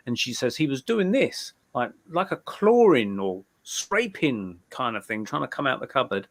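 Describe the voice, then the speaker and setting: In a live interview, a man who works as a medium chats and tells loose stories, often echoing his opening words as he begins a sentence. He sounds animated, with a medium pitch, normal speed and few pauses.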